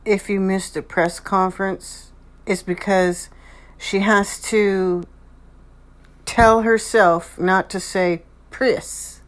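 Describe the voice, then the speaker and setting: A slow-talking woman delivers rambling, repetitive commentary over video clips, dwelling on how others pronounce words. Her pace is deliberate and her pitch sits in the middle range for a woman. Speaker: channel host commenting on clips.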